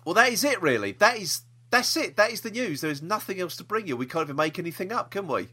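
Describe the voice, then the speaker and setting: A man's voice: high-pitched, sing-song, quick pace, sharp tone, breathy edge. A man co-hosting a podcast, talking in a chatty, jokey, rambling way. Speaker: podcast co-host. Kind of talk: casual chat.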